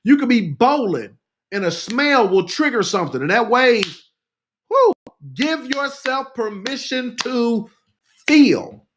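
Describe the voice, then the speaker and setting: A man with an unusually high voice leads an impassioned live talk. He repeats key phrases for emphasis, calls his listeners "y'all" and reads their comments aloud. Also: sing-song, takes it slowly. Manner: repetitive, rousing, addresses listeners as "y'all". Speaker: grief speaker hosting a live talk.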